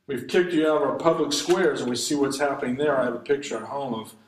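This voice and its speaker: A man's voice: medium pitch, echoey room, rough recording. A man preaching an impassioned sermon, his delivery rising and falling as he reads scripture and exhorts.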